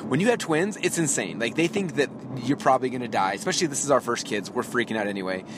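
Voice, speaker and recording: A podcast host in his thirties talks through a story in a loose, chatty monologue, with quick asides and small laughs. His pitch sits in the ordinary middle range for a man. He is recorded inside a moving car, with a soft hum of road noise behind him. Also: expressive. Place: inside a car while driving. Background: faint vehicle noise.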